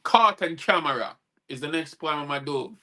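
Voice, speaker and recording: A man's voice: fairly high pitch, animated, normal speed, bright, forceful tone. A man hosting a show and performing his own rhyming spoken-word poems, laughing at his own lines. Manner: rhythmic rhyming delivery, chuckles at own lines. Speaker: host and poet.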